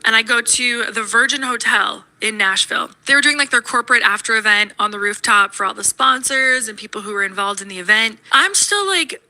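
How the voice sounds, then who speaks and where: A woman recounts a scary personal experience, talking fast and snarkily with lots of "like"s. Her voice sits a little high and sounds very bright and sharp. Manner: fast, breathless retelling full of "like"s; snarky, shaken. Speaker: storyteller in a played video. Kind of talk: personal storytelling.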